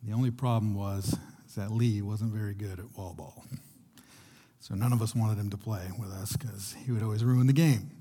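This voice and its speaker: Young guy preaching, chatty sermon, warm husky voice, kinda stumbles and restarts lines. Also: on the low side, steady tone, normal speed. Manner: conversational preaching with repeated restarts. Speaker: pastor.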